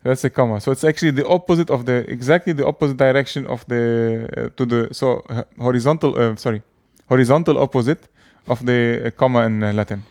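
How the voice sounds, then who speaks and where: A man's voice: medium pitch, steady tone, quick pace, hardly any pauses, a little mellow, dry recording. Hesitant man explaining, dry sound. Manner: hesitant, many fillers and restarts. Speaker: language teacher. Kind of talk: casual explaining.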